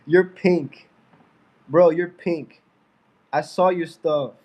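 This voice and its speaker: A man's voice: on the high side, fairly even intonation, slow pace, highs cut off. A young man on a casual livestream with a stuffy nose from a fever, mocking and trash-talking a viewer in his chat.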